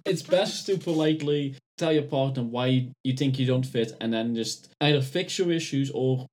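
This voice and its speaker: A man's voice: mid-range voice, moderate pace, darkish tone, slight background noise. A man co-hosting a casual podcast, earnest and explaining his own habits. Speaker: podcast co-host. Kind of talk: casual group chat.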